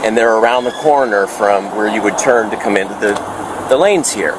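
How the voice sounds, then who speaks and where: A man's voice: on the low side, moderate pace, recorded from a distance. A man who is a former police officer, indignantly retelling a confrontation to police outdoors at a drive-thru, caught on a body camera. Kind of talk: account to police. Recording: bodycam audio with street noise.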